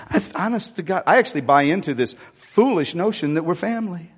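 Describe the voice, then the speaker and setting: A man's voice: high-pitched, very animated, a little fast, hardly any pauses, breathy edge, in a large hall. An older man preaching a sermon as pastor, emotional and confessional, often breaking off and restarting his sentences.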